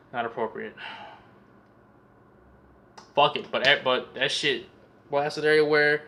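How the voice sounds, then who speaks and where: A man's voice: medium pitch, sharp tone. A young man recapping a film for his vlog in a rambling, profane way, stammering and repeating words as he goes. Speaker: vlogger reviewing a film. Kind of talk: casual profane comedic movie recap.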